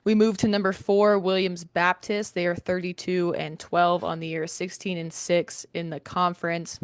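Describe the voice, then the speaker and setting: Young female co-host, low even voice, smooth and dry, reads stat lists with ums. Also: normal speed, dry recording. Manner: steady list reading with filler ums. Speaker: podcast co-host. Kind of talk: reading softball stats preview. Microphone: headphones and studio mic.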